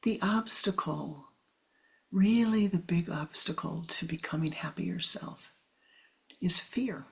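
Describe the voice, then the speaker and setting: A woman giving a spiritual talk in a soft, often half-whispered delivery. Her voice is very husky and breathy, low in pitch, with a gravelly edge of fry. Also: takes it slowly. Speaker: spiritual teacher.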